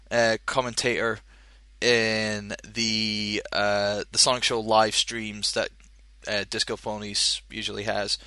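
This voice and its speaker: Rambling podcast host. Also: male voice, medium pitch, sharp tone, clean tone, no room sound, clean studio sound. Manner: rambling, jokey, many fillers. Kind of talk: casual chat.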